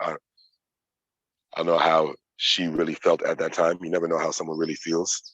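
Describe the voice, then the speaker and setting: Man, 30s, low voice, dry close mic, candid and profane storyteller. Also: no room sound, lo-fi sound. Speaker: yoga practitioner sharing his story. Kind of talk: casual personal storytelling.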